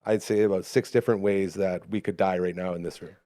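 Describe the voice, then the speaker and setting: A man's voice: low voice, fast, dry recording, clean studio sound. A man hosting a live podcast, casual and slangy, joking about his own fears. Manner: relaxed, slangy, self-deprecating. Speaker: podcast host. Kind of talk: casual chat.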